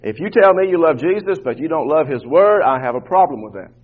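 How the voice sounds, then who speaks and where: A man's voice: fairly high pitch, lively intonation, brisk. A man preaching a sermon to his congregation as their pastor, fervent and repeating words as he builds his points. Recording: tinny phone-like line, muffled.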